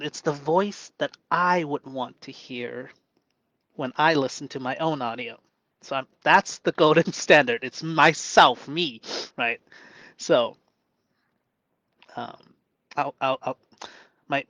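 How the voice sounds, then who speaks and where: A man in a reflective live monologue, speaking gently and softly in a deliberately lowered voice, thinking aloud with pauses and restarts. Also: no echo, poor audio. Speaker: self-coaching vlogger.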